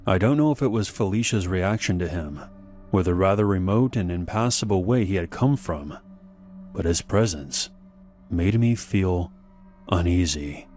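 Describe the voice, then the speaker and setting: Deep-voiced man narrating a horror story. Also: darkish tone. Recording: faint background music.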